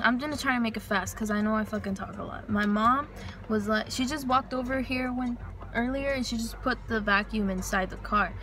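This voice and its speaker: A young woman sits in her car and vents in a loose, rambling monologue, swearing freely as she goes. Her voice sits a little high and sounds bright and forceful. A faint hum of noise runs underneath. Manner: frank, rambling, heavy swearing. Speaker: vlogger. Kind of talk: casual venting monologue. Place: inside a parked car.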